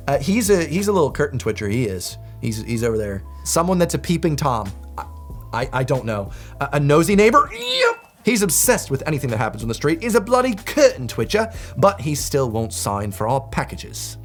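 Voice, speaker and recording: A young man, casually joking through a quiz and reading definitions aloud with mock outrage. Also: mid-range voice. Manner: playful, joking, quick laughs and mock outrage. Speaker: video host.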